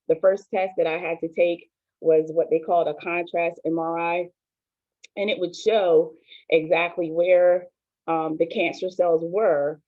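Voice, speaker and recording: A woman in her forties, a pastor, telling her own story in a soft, hesitant, earnest way, with many pauses and ums. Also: fairly low pitch. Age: 40s. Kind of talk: personal testimony on an online show. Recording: tinny phone-like line, dry.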